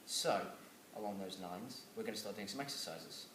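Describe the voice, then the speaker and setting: A man's voice: on the low side, moderate pace. A man presenting to a class and then giving the group directions for a reading exercise. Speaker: student workshop leader. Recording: noisy, roomy recording from far off.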